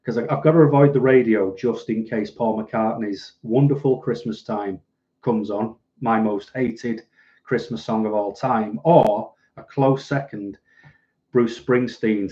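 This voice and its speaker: With a mid-range voice, a dark tone and a measured pace, this Mancunian livestream host from Manchester, England, replies to viewer comments with dry self-deprecation in a casual stream. The sound is lo-fi.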